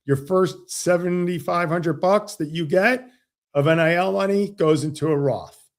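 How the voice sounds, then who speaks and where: A man, a financial advisor guest on an interview show, explaining with animated stories and acted-out dialogue. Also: sits high, a little slow. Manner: animated, acts out quoted dialogue. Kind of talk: casual interview storytelling.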